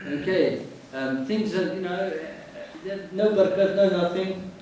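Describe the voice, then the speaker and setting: High-voiced man teaching in an echoing mosque. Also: measured pace, dark tone. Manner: patient call-and-response drilling. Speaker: Islamic teacher. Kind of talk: prayer class with chanted recitation. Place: large mosque hall. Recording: boomy mosque hall, from far off, crowd noise.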